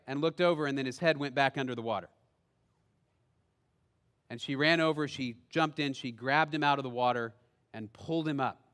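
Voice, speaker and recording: A man preaching a sermon as pastor, telling a story with sudden loud bursts and long, hushed, slow phrases. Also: high voice, smooth, in a large hall. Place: church sanctuary.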